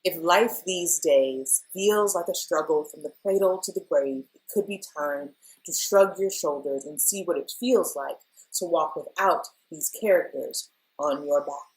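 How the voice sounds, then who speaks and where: A woman in her thirties talks through a tarot reading in a loose, chatty way. She gets openly emotional and keeps calling to her viewers as "y'all." Her voice sits a little low. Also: unhurried, rough recording. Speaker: tarot reader. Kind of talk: casual weekly tarot reading.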